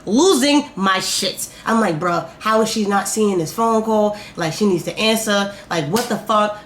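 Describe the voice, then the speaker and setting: A woman telling a personal story in a vlog, animated and profane, swinging between loud outbursts and slow, quiet musing. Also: medium pitch. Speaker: vlogger. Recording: roomy echo, faint background noise.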